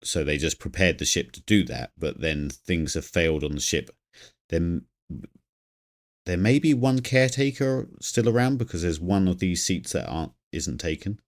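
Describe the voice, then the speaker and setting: A man's voice: deep voice, expressive, moderate pace. A man streaming a game, thinking aloud and rambling as he plays and chats with viewers. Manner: reads chat aloud. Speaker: gaming streamer. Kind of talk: live game commentary.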